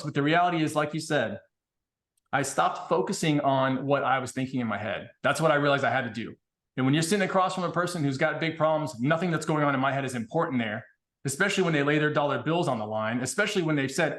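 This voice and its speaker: A man in casual podcast conversation, blunt and animated, swearing freely as he tells stories. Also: a little high, quick pace. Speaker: podcast guest.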